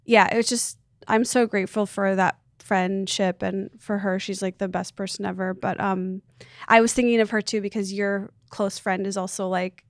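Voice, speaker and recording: A woman's voice: medium pitch, fairly even intonation, normal speed, no echo, clean studio sound. A woman in her thirties, a podcast guest, telling a personal story in a rambling, earnest way full of "like". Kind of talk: casual chat, personal storytelling.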